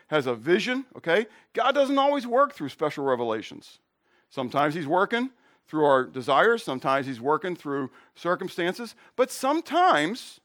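A middle-aged male pastor delivers a sermon as casual talk, pausing to ask the congregation questions and slipping in jokes and stories of his own. His voice sits a little high for a man and moves about with plenty of lift and drop. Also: fairly bright tone. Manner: conversational, asks the congregation questions; jokes and tells personal stories.

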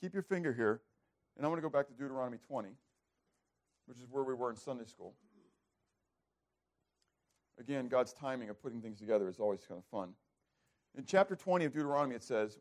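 Animated preacher asking rhetorical questions. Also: male voice, mid-range voice, a little fast, pauses often. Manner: animated, asks rhetorical questions and answers them; repeats words as he restarts. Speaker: preacher teaching a Bible passage. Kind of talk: sermon.

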